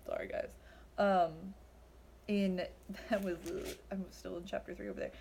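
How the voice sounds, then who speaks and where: A woman's voice: lowish voice, fairly even intonation, a little slow, a little mellow, slight background noise. A young woman giving a casual Bible study talk, chatty and full of fillers, acting out the lines she quotes. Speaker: Bible teacher.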